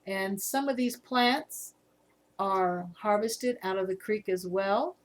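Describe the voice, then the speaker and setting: Slow-talking Southern woman in her fifties. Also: mid-range voice. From Virginia, USA. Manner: chatty, reads viewer comments aloud, laughs easily. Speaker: livestream host. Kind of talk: casual live-stream chat.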